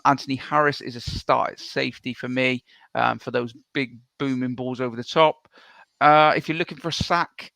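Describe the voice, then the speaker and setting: A man co-hosting a sports podcast in casual chat, rambling with many ums and restarts, blunt and quick to swear. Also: fairly high pitch, creaky, sharp tone, no echo. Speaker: co-host.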